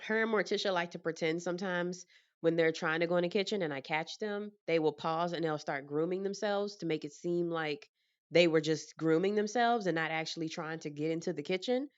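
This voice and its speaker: A lower-voiced woman chats casually to camera from her apartment, telling stories with plenty of life and frequent laughter. The recording is a bit dull and lo-fi. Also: fairly quick, clear, resonant tone. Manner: animated, laughing storyteller. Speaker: vlogger.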